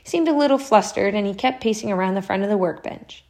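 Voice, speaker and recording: A woman narrating a storybook aloud in a measured, expressive way. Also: medium pitch.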